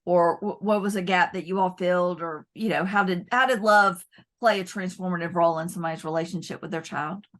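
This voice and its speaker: A woman's voice: on the low side, fairly even intonation, a little fast. A woman hosting an interview, effusive and affirming as she draws out her guest. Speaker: interview host.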